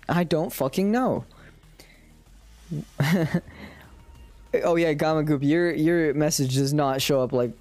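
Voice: mid-range voice, a little mellow, no echo. A streamer casually reading a dating sim aloud on a live stream, swearing and laughing at their own slips.

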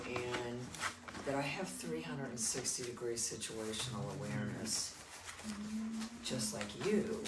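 A man working as a dog trainer, chatting casually through a demonstration and answering questions he imagines listeners asking. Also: medium pitch. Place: room with puppies. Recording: distant mic, roomy, loud background noise.

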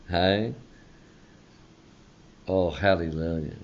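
A male pastor preaching a sermon, slow and emphatic, often tagging on a questioning "hey?". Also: low-pitched, darkish tone. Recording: dull lo-fi sound.

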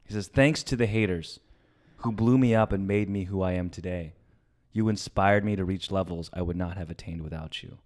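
A man co-hosting a comedy podcast in casual chat, animated and mocking, often laughing. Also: low voice, moderate pace. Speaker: podcast co-host.

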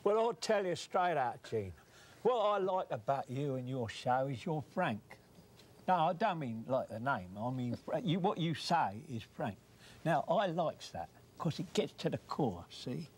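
A man doing a blunt old Cockney bloke in a husky, lively voice that jumps up and down as he chats cheekily. Pitched a bit high, he talks gruffly and confides like an old pal. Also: measured pace, heavily acted. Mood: chummy.

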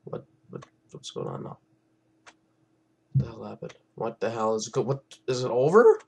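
A young man hosts casual gameplay commentary for his own channel. He rambles loosely, swears freely and often lets his words sink into low mumbles. His voice sits at an everyday middle pitch. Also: lively intonation, moderate pace, creaky, darkish tone, husky. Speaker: gaming channel host.

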